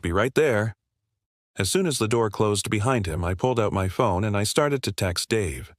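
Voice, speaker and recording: A man narrating a scripted first-person horror story in a measured, even delivery. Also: lowish voice, no echo, studio quality.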